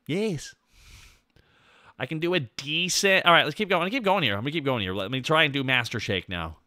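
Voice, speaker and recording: A man's voice: a little high, brisk, dry recording, clean studio sound. A man streaming casually, chatting and trying out cartoon impressions. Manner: animated, jumps into character voices.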